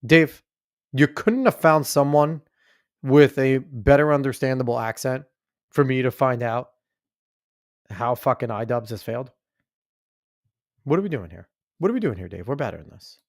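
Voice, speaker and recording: A man talks casually over a video he is watching, rambling, swearing and letting his sentences fade off. His voice is gravelly. The sound is dry and close. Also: mid-range voice, expressive, moderate pace, long pauses, no echo. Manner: profane, rambling, trails off quietly. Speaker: podcast host reacting to a video. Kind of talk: casual reaction commentary.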